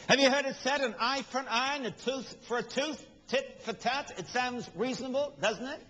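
A man's voice: extremely high pitch, a little fast, few pauses, pushed and bright. A man preaching a sermon with emphasis, asking rhetorical questions and acting out quotes with humor. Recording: dull lo-fi recording with long hall reverb.

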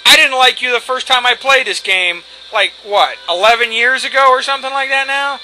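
A man's voice: very high-pitched, fairly quick, pushed and bright, a little hiss or hum, rough recording. A man hosting a let's play, talking casually over gameplay and going off on profane, rambling rants. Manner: rambling, profane, ranting asides. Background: faint video game music.

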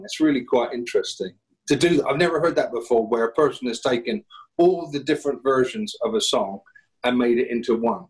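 A songwriter man speaks as a podcast guest, spinning long stories with animated asides. His voice sits at an everyday middle pitch, neither high nor low. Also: low-quality recording. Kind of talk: podcast panel conversation.

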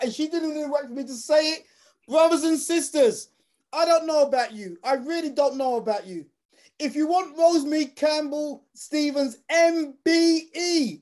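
A man's voice: very high voice, normal speed, a little mellow. A man hosting a live online talk, addressing his audience in a rousing, preacher-like way over a video call. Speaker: host. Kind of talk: energetic live show hosting.

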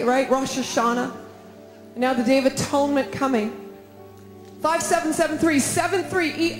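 Fervent high-voiced woman preaching in a hall. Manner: fervent, emphatic prayer with repeated phrases. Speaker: conference speaker. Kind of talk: sermon with prayer. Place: large conference hall. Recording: echoey hall with faint music.

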